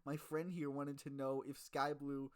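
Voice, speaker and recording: A young man slowly reading the lines of a sheepish female pony in a silly fanfic. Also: mid-range voice, level tone, clean tone, close to an everyday voice.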